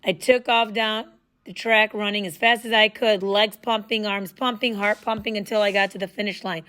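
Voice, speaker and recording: A woman reading a first-person story aloud in a casual, lively storytelling manner. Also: mid-range voice, normal speed, smooth. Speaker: audiobook narrator.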